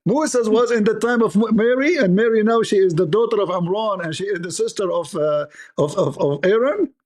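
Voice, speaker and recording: A man's voice: sits high, a little fast, darkish tone. A man who grew up in the Arab world, a native Arabic speaker, hosting a heated debate, insistent, repeating his questions and cutting in. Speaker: debate host.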